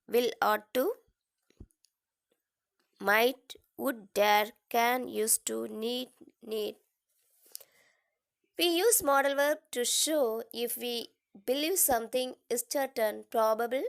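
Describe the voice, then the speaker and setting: Woman, teacher reading a lesson, slow and careful, pitched a little high. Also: creaky. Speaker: English teacher. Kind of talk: reading a grammar lesson aloud.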